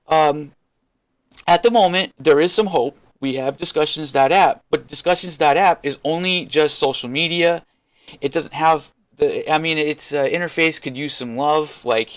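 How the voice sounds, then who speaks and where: Foul-mouthed man ranting, fairly high voice. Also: fairly bright tone. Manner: frustrated, swears constantly, rambling restarts. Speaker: crypto vlogger. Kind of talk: unscripted rant to camera.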